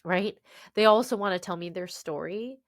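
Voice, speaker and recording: An American author in her thirties tells stories as a guest on a podcast interview, speaking in an animated, expressive way. Her mid-range voice moves at a moderate pace, and there is no room sound.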